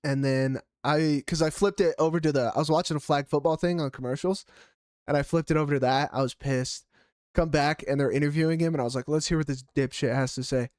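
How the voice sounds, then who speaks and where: A man co-hosting a casual fight recap podcast, animated, swearing freely and laughing loudly. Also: on the high side, brisk, no echo, studio quality. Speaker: podcast co-host.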